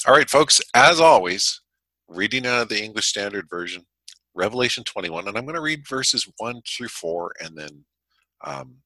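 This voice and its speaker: A man hosting a podcast, joking and laughing with his co-host, then reading scripture aloud in a calm voice. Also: mid-range voice, moderate pace, no room sound, poor audio. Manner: jokey, laughs often, then reads calmly. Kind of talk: casual chat and scripture reading.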